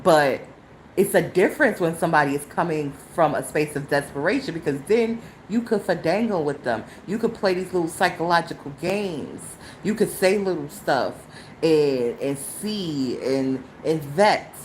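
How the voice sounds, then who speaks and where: Middle-aged woman, podcast host, animated storyteller, mocks in low tones, rises high in indignation, faint background hiss. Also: moderate pace, rough recording. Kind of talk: solo live podcast monologue.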